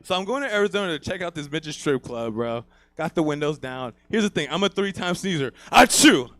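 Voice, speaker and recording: A man's voice: a little high, animated, fast, no room sound. A man doing a crude stand-up comedy set, swaggering and laughing at his own jokes.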